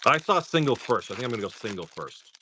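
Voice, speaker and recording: A man's voice: medium pitch, sing-song, quick pace, pushed and bright, slight background noise. A man hosting a casual livestream, rambling through stories full of "like" while opening trading cards. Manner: rambling storyteller, lots of "like".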